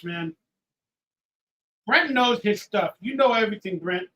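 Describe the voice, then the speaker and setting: A tipsy man hosting a live watch-party stream, ranting and swearing, swinging from loud outbursts to low mutters. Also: animated, a little slow, pauses often, rough recording. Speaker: livestream host. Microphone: headphones with mic.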